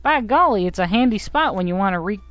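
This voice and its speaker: A woman's voice: medium pitch, lively intonation, fast talker, a bit bright, no echo, lightly acted. An eager young beaver guy fresh to the guild, talking in a folksy put-on full of yups and by gollies, as a woman puts him on. He sounds chirpy, and the recording is close and dry. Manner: folksy, chirpy, says yup and by golly.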